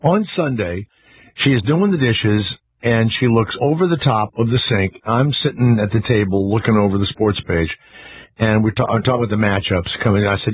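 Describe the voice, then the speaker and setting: A man's voice: lowish voice, moderate pace, husky. A man hosting a talk radio show, chatting with callers in a brash, crude, rambling way.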